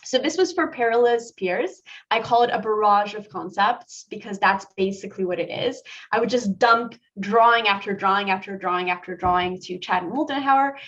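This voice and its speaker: A woman's voice: mid-range voice, normal speed, few pauses, fairly bright tone, muffled recording. A woman concept artist giving a chatty presentation talk about her slides, full of asides and fillers.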